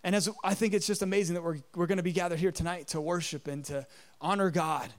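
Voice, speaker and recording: A man in his thirties preaching a sermon, telling a story in an animated way and acting out the voices in it. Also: high voice, fast. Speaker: pastor.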